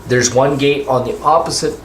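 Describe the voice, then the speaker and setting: A man's voice: mid-range voice, moderate pace, a little hiss or hum. A man running a tabletop game as game master, rambling and restarting his descriptions. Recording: echoey room with faint music.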